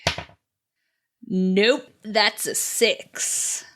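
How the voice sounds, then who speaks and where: Woman player at a tabletop game, slow, hesitant, filler-heavy delivery. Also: mid-range voice, sharp tone, slight background noise. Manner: hesitant, many ums.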